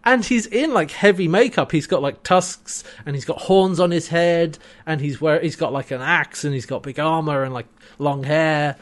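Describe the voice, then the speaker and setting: Casual male co-host, slightly high voice, chatty and quick to laugh. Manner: chatty, laughs often, acts out quotes. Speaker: podcast co-host. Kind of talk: casual chat recapping a TV episode.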